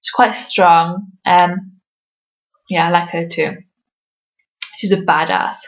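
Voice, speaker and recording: Slow, hesitant woman from Wales, muffled. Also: fairly low pitch, fairly even intonation. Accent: fairly neutral English, from Wales. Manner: hesitant, many ums, light self-mocking laughs. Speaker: author answering reader questions. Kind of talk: casual Q&A vlog.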